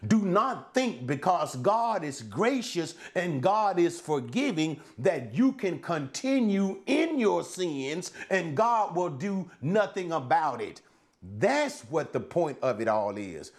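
Slow, lively-pitched male preacher. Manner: asks rhetorical questions and answers them; repeats and restarts words. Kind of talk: Bible teaching podcast.

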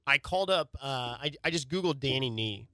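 A man who used to host sports radio, telling a story in casual podcast chat, animated and casually swearing. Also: medium pitch, a little fast, dry recording, clean studio sound. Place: podcast studio.

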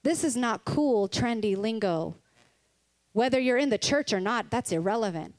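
A woman with a slightly high, animated voice gives a candid, conversational Christian sermon at a moderate pace. She is earnest and personal, laughing between her points.

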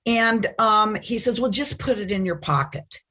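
A middle-aged woman telling a personal story as a guest, halting and full of restarts. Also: mid-range voice, animated, pushed and bright. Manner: halting, with many restarts and fillers. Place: Chicago.

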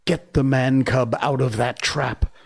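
A man's voice: mid-range voice, fairly even intonation, unhurried, creaky, slightly rough. A man voicing a proud, wounded male panther who speaks in urgent gasps, in a storybook reading. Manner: gasping, urgent.

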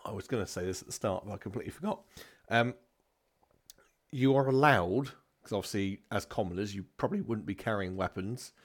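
A man running a tabletop game in a relaxed, chatty way, laughing often. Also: fairly low pitch. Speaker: game master.

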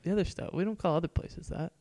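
A man's voice: fairly high pitch, fast, mellow. A young man co-hosting a casual chat podcast, laid-back and musing aloud, laughing easily. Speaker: podcast co-host.

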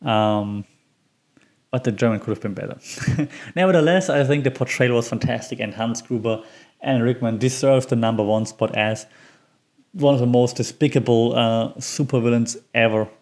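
Talking at normal speed in a slightly mellow, medium-pitched voice, this podcast host gives casual solo commentary. He's chatty and rambling, with plenty of ums and little self-directed laughs.

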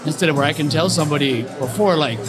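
A middle-aged man and barbering educator telling stories in a straightforward, animated way on a panel. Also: fairly high pitch, fast. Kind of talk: panel discussion. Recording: music and crowd behind.

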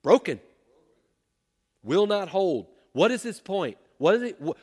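A man's voice: high voice, sing-song, measured pace, pauses often, a little mellow, breathy edge. A man teaching scripture to a group, emphatic, often asking them questions. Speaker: pastor or Bible teacher. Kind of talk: interactive Bible teaching.

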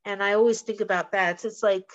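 A woman's voice: mid-range voice, fast. Candid young woman, slightly muffled audio. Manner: candid, animated storytelling with frequent "like" and swearing. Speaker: guest, professional fighter. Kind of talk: casual interview chat.

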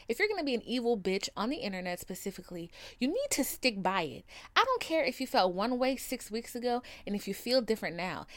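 A woman hosting a podcast, telling a story in a casual rant, swearing freely and acting out what other people said. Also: on the high side. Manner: profane, animated, mimics people in quotes. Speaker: podcast host.

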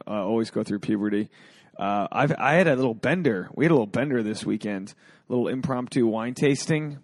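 A man's voice: mid-range voice, creaky, darkish tone, no room sound. A man hosting a podcast, chatting casually in a rambling, jokey, self-mocking way. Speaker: podcast host. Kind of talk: casual chat.

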